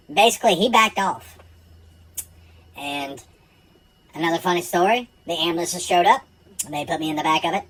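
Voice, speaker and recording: A man's voice: a little high, fairly bright tone, breathy edge, rough recording. A man telling a true personal story in a casual, blunt and profane way.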